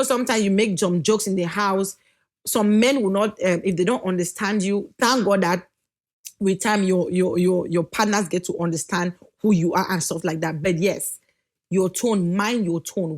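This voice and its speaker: A woman with a naturally loud voice, giving casual marriage advice to the camera, animated, laughing often and slowly drawing out her key points. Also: mid-range voice. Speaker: wife giving marriage advice, channel co-host.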